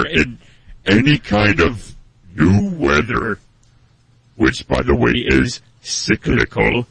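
A man rambles through deadpan comedy banter in a deeply gravelly, husky voice. His pitch swings widely from phrase to phrase. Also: dry recording. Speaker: comedy show co-host.

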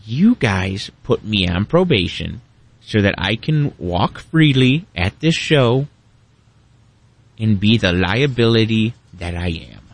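A man co-hosting a comedy show, trading improvised banter with excitable, mock-angry outbursts. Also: fairly low pitch, slow pace, no echo.

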